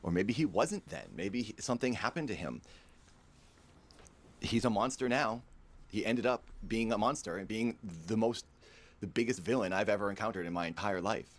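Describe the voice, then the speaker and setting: A man's voice: lowish voice, moderate pace. A man telling a personal story in a vlog, in a somber, earnest way.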